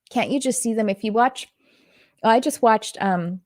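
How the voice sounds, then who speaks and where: A middle-aged Texan woman, a spiritual teacher giving intuitive readings, chats casually on a live stream, rambling earnestly with lots of fillers and restarts. Her voice sits fairly high and moves at a normal speed. The recording is clean studio sound with no room noise.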